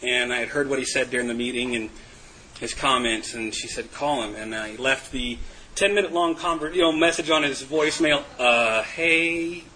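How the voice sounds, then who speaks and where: A man's voice: mid-range voice, a little fast, sharp tone, a little hiss or hum, rough recording. A man giving a candid, self-mocking personal testimony to a group, laughing often. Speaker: recovery meeting speaker.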